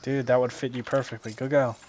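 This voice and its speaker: A man's voice: mid-range voice, level tone, fairly quick, a little mellow. A man casting esports in casual, joking co-commentary with mock-offended banter. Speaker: esports caster.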